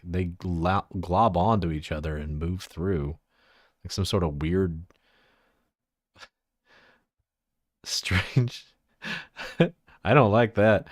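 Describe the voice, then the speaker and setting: A man's voice: sits low, takes it slowly, long pauses, no room sound, clean studio sound. A man from Texas with a Texan accent, chatting casually on a livestream, rambling, giggling and trailing off into asides.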